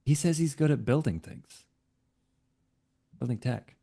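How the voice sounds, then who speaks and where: A man playing his character in a live tabletop role-play, talking in an easygoing, halting way full of fillers. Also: medium pitch, gravelly, mellow, husky.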